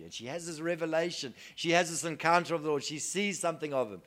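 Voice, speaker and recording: A man preaching a sermon earnestly, moving between soft hushed lines and loud emphatic declarations. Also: fairly high pitch, fast, hardly any pauses.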